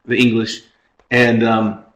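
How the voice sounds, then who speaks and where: A man's voice: medium pitch, monotone, takes it slowly, fairly bright tone, roomy sound, low-quality recording. A man co-hosting a podcast in casual chat, rambling through a story and laughing at his own jokes. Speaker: podcast co-host.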